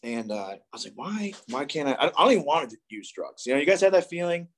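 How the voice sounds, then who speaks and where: At a recovery meeting, the young East Coast speaker shares his personal testimony with candor, profanity, and plenty of rambling. His fairly high, fairly bright voice is animated and fast.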